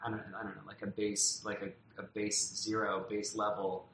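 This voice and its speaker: A man speaks tenderly about his young child, circling back with many restarts and fillers. His voice is bright and forward. The room is reverberant, with a faint hum of ambience behind him. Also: on the low side, completely flat delivery, normal speed. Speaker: parent being interviewed. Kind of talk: casual heartfelt conversation. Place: home in a loud neighborhood.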